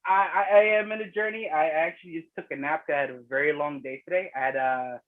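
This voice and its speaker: A man's voice: fairly high pitch, fairly even intonation, fast. A man chatting casually and laughing a lot on a video call, rambling with many fillers. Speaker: poet at open mic. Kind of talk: casual chat. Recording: tinny phone-like call audio.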